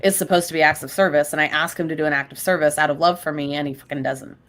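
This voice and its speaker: A woman's voice: low voice, steady tone, fast talker, fairly bright tone. A woman co-hosting a podcast, talking bluntly and swearing freely in casual chat. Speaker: podcast co-host.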